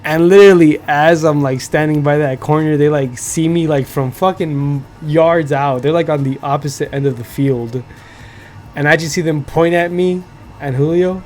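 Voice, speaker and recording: A man's voice: a little high, steady tone, moderate pace, darkish tone, slight background noise. A young man hosting a podcast, telling a story in casual chat. He swears a lot, fills his talk with "like" and keeps asking "you feel me". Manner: profane, filler-heavy, keeps checking in with "you feel me". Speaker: podcast host.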